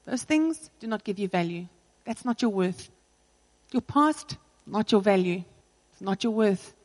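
A woman pastor delivers an earnest, personal sermon and hammers her points home with repeated phrases. Her voice sits at an ordinary pitch for a woman. A long reverb trails each phrase, as in a church hall. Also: lively intonation, a little slow. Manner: earnest, personal preaching with emphatic repetition.

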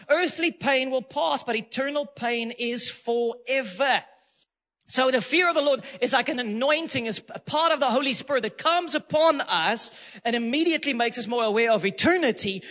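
A man preaching a sermon as pastor, emphatic, swinging between loud declarations and quieter asides, laughing between points. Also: extremely high pitch, long reverb tail.

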